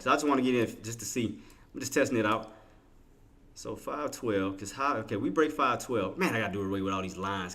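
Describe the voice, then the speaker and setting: A man with a bright, forceful voice walks through his trades live. He talks casually and in slang, thinks out loud and calls out to viewers in the chat. His pitch sits in a middle range. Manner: thinks aloud and chats with viewers. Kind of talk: live trading commentary.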